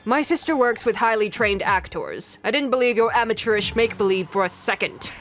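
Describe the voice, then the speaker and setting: A woman's voice: a little high, animated, a little fast, soft background music, natural voice. Woman doing a snooty, unimpressed passenger. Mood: dismissive. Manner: dry and dismissive.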